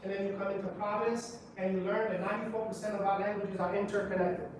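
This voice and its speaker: A man presents at a conference, quizzing the room with rhetorical questions as he teaches. His voice comes from a distance in a very echoey hall, with steady background noise underneath. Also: sits high, fast talker. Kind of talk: lecture to a live audience. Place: public library meeting room.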